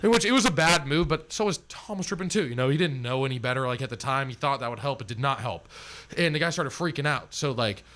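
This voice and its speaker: A man's voice: mid-range voice, animated, fast, fairly bright tone, a little hiss or hum. A man telling a long, rambling story as a podcast guest, swearing freely and packing in fillers. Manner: rambling and profane, heavy on fillers.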